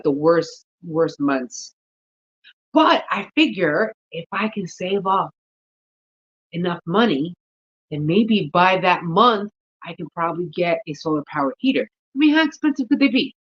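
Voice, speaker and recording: A woman's voice: on the low side, lo-fi sound. A woman vlogging about gardening in a casual, rambling chat, thinking aloud and yawning often. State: sleepy, yawning.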